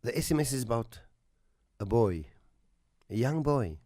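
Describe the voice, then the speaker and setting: A man hosts a radio talk show and tells a moral story slowly and earnestly, his voice sinking to a hush at the tender parts. His pitch sits in a middle range for a man. The studio sound is dry and close. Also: animated, dry recording. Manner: slow, earnest storytelling, soft and hushed at emotional moments.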